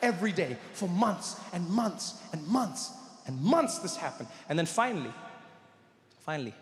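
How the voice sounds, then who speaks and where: A man with a South African accent telling an animated stand-up story on a theatre stage, acting out voices with big swings in volume. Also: sits high, normal speed, slight background noise. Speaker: stand-up comedian. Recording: echoey hall, live stand-up.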